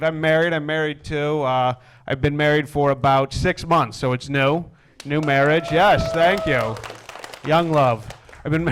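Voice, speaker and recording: A young man performing a stand-up comedy set, deadpan with wry asides that build into exasperated rants. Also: fairly high pitch. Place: comedy stage before a live audience.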